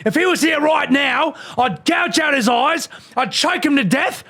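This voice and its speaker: A man with an Australian accent voicing a bitter, foul-mouthed female sky pirate captain who speaks slowly and bursts into swearing rants. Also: mid-range voice, very animated, dry recording. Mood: furious. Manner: slow, brooding delivery that bursts into swearing rants.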